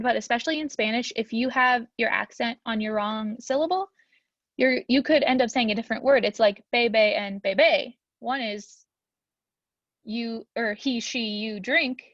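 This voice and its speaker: A woman's voice: fairly high pitch, fairly bright tone, no room sound, lo-fi sound. A young woman teaching a Spanish grammar lesson in a chatty, upbeat way, with frequent ums.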